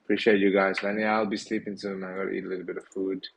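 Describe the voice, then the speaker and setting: A man's voice: low-pitched, little pitch movement, fast, gravelly, slight background noise, rough recording. A tired man hosting a casual live audio Q&A, rambling with many fillers and yawning late at night. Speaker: host of a community Q&A.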